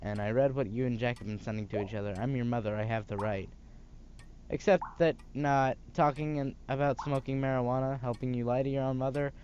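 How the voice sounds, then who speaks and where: A man's voice: medium pitch, steady tone, brisk, a little mellow, lo-fi sound, a little hiss or hum, close to an everyday voice. A man reading the lines of a strict, worried middle-aged mother in a story game, scolding and nagging. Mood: stern. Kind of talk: reading game dialogue aloud.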